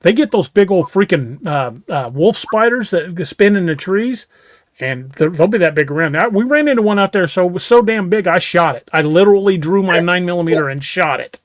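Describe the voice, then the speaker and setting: A man's voice: high-pitched, lively intonation, a little fast, no room sound. A man co-hosting a podcast, telling stories in a folksy way and often restarting his words. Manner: folksy storyteller, stammers on restarts. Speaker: podcast co-host. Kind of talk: casual chat.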